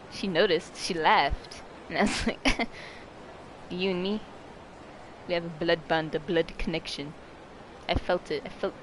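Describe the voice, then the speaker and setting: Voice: mid-range voice, noisy background. Casual storytime vlogger: rambling, self-mocking, dramatic, with shrieking outbursts.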